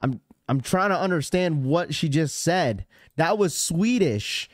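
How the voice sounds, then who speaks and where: A man's voice: a little high, animated, unhurried, no echo, studio quality. A man hosting a live stream, talking casually and rambling to his chat. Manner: rambling, chatty, talks straight to chat. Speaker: livestream host.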